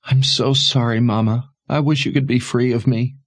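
A man voicing an earnest, worried young woman who speaks in hushed, pleading tones in a storybook reading. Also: fairly low pitch, moderate pace, dry recording, pitched above the performer's own voice, lightly acted. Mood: tearful.

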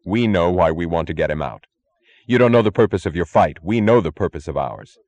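A man doing a very deep, cold commander. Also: fairly quick, dry recording. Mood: firm. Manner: calm, hard, authoritative. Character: cold, commanding male rescuer. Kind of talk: audiobook character voice.

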